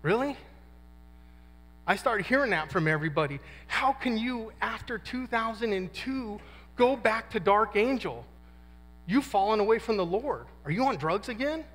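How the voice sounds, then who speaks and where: A man in his fifties with a high, bright, animated voice gives a casual, slangy testimony as a guest speaker at a men's conference. At a moderate pace, he acts out quotes while telling his story, and the large conference hall adds long reverb.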